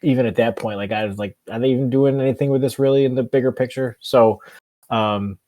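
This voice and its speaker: A man's voice: mid-range voice, steady tone, quick pace, mellow. A man in his thirties chatting on a podcast, enthusiastic and rambling with many fillers. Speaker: podcast co-host. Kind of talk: casual podcast chat.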